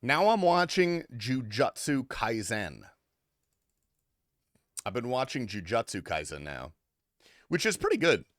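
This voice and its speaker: Lively, foul-mouthed male streamer. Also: medium pitch, moderate pace, dry recording, studio quality. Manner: crude, swears freely, rambling and offhand. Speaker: game streamer. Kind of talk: casual livestream chat.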